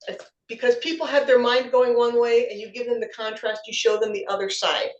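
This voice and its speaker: A woman's voice: mid-range voice, far from the mic, dull audio. A woman giving encouraging feedback on impromptu speeches at a club meeting, often repeating words as she finds her phrasing. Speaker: table topics evaluator. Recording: echoey room, voice from away from the mic.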